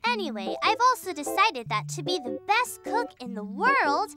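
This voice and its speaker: A cheeky young turtle girl chatters in a very high, bouncy voice. She teases her friends with quick jokes. Children's music runs under her lines. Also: big pitch swings. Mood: chatty. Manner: cheeky, teasing, quick to joke. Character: bossy cheerful young female turtle. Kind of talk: dubbed cartoon acting.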